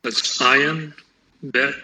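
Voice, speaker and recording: A man's voice: medium pitch, steady tone, extremely slow, bright, forceful tone, slight background noise, poor audio. A man student in an online class, tentatively reading and asking questions. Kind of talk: answering in class.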